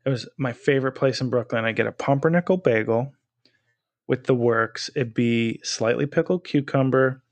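Speaking at an ordinary pace in a medium pitch, this podcast co-host keeps the conversation loose. His casual chat wanders, with plenty of restarts along the way.

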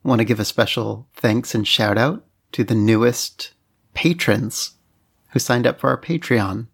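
A man co-hosting a podcast in casual chat. He speaks at an unhurried, slow pace and drops dry, wry quips. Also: medium pitch, gravelly, breathy edge. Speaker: podcast co-host.

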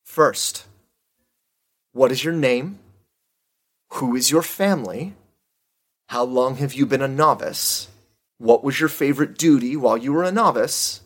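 A man's voice: medium pitch, a little slow, long pauses, close to an everyday voice. A man voicing a towering, commanding woman official who asks formal questions in a tabletop game. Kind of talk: game master voicing a character.

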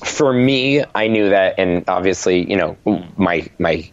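Casting: deep, low-pitched man in his thirties, from Rhode Island, loose chatty guest, lots of ums and restarts. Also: animated, measured pace, highs cut off. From Rhode Island, USA. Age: 30s. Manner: chatty and rambling, with many fillers and restarts. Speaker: guest, fitness instructor. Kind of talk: casual podcast interview.

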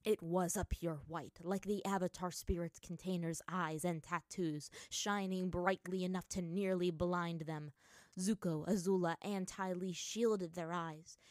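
A woman with a low voice reads a story aloud in a dramatic storytelling manner. The sound is dry and close, with no room around it. Her delivery builds in force during action passages. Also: fairly even intonation, unhurried, a little mellow, no room sound. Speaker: narrator. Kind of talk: reading fan fiction aloud.

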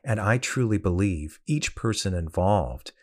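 A man's voice: deep voice, lively intonation, unhurried, darkish tone, no room sound, studio quality. A man hosting a horror-film podcast, talking in a conversational, thoughtful way with some filler words. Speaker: podcast host. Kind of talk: solo horror-film talk.

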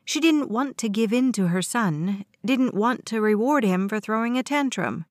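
A woman's voice: medium pitch, normal speed, no echo, studio quality. Woman reading a story aloud. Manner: steady, even storytelling. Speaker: narrator. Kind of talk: audiobook narration.

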